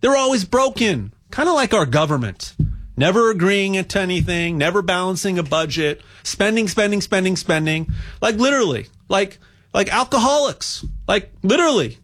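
A man talks in a loose, rambling way, tripping over repeated words as he promotes buying gold. His voice sits a little high for a man. He builds into animated rants about spending and debt. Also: normal speed. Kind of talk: casual sales monologue.

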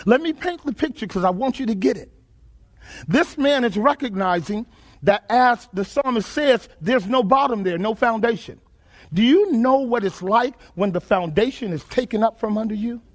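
A man's voice: very high-pitched, expressive, normal speed. A man preaching a sermon, emphatic and repetitive, asking his listeners questions and repeating phrases.

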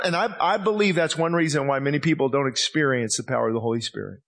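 A man preaching a passionate sermon as pastor in a church, reading scripture slowly and acting out voices. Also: mid-range voice, creaky, a bit bright.

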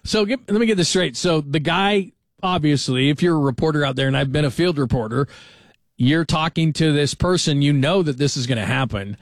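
Chatty middle-aged sports radio host. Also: male voice, fairly high pitch, no room sound, clean studio sound. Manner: lively, chatty, fast-moving delivery. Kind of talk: late-night sports talk radio. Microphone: studio microphone.

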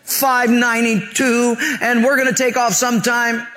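A man's voice: very high voice, level tone, moderate pace, sharp tone, voice pushed up. A man voicing a bumbling, confused male airline captain with a raised, rambling voice.

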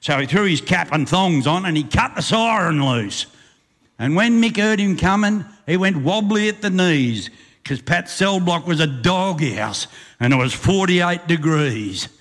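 Australian bush poet reciting in a hall. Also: male voice, high voice, a little slow. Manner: lively rhythmic recitation with chuckles. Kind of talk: recited rhyming bush poem, then stage banter. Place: live venue with audience. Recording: live stage recording with long reverb.

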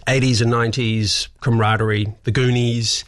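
A man, a guest in a radio studio, telling stories in an animated way, acting out what people said. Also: mid-range voice, moderate pace. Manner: animated storyteller, acts out quotes, laughs often. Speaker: actor and writer guest. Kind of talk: casual chat.

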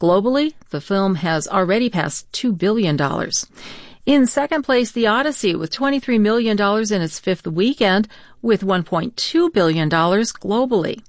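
A female newscaster reading box office headlines in a measured, crisp way. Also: mid-range voice, expressive, dry recording, studio quality. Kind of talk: news reading.

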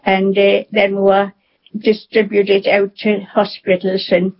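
A woman in her nineties from England, recalling events in a halting, plainspoken way during a radio interview. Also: medium pitch, monotone. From North East England. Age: 90s. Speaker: interviewee, war survivor. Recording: dull lo-fi broadcast audio.

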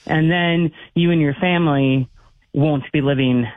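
A man's voice: fairly high pitch, steady tone, unhurried, no echo. A man calling in to a radio talk show, earnestly giving advice. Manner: earnest, advising. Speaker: caller. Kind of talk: call-in radio chat. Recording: dry phone line.

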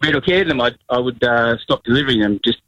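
A man's voice: mid-range voice, fast talker, bright, forceful tone, dry recording, dull audio. A man, calling a radio show and talking hesitantly with many fillers. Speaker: caller. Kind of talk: casual phone chat.

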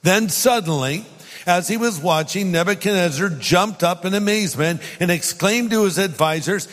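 Man, pastor, sermon, emphatic scripture reading, somewhat high voice, echoing hall. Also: fairly bright tone, soft background music. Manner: reads scripture aloud with emphatic pauses. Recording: long hall reverb.

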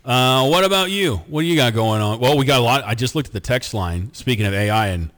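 A male sports radio host talking casually in a studio. He jokes with his co-host and reads listener texts aloud. His voice sits at an everyday middle pitch. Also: expressive, fast, fairly bright tone, long reverb tail.

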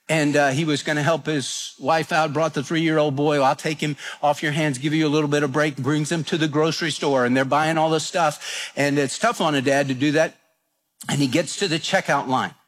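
A man's voice: a little high, a bit bright. A man preaching a radio sermon, telling folksy stories and repeating his points with restarts. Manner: folksy storytelling with repeated phrases.

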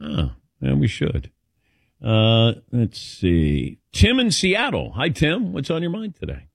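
A man's voice: mid-range voice, slow pace, gravelly, no room sound, studio quality. A man hosting a sports talk radio show, chatting casually and rambling with lots of fillers. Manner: lively, rambling with many fillers. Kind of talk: casual radio chat taking calls.

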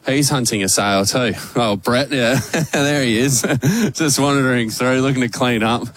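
A man's voice: mid-range voice, a little slow, a bit bright, no room sound. A man with an Australian accent, a radio host broadcasting live from a store, chatty and joking, out of breath. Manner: chatty, joking, upbeat promo patter. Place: large retail store, indoors.

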